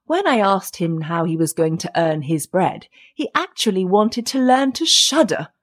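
A woman's voice: medium pitch, sing-song, normal speed. A woman reading a fairy tale voices an exasperated old father scolding his son. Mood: complaining. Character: weary, scolding old father of two sons.

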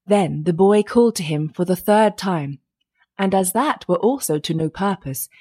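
A woman narrating an old fairy tale in a measured storytelling manner. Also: lowish voice, a little mellow, breathy edge.

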